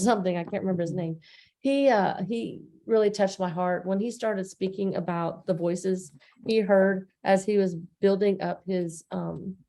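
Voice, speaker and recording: A woman co-hosts a relaxed recap conversation with a gravelly edge in her voice. Her tone is warm and mellow rather than bright. She speaks earnestly and loosely, with lots of fillers and restarts. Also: lowish voice. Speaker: co-host. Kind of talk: casual recap chat.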